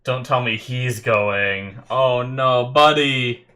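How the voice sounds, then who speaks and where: Guy reacting to anime, kinda teary, slow talker, bright tense voice, yelling out stuff as he watches. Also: mid-range voice. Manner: exclaiming, emotional, thinking aloud. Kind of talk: live reaction commentary.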